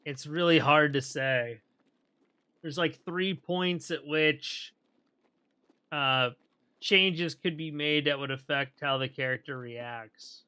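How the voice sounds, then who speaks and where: A man gives relaxed, rambling commentary while he plays a game, pausing to think aloud and clearing his throat now and then. His voice is bright and smooth. He talks at a slow, easy pace. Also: fairly high pitch. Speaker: game streamer. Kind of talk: casual gameplay commentary.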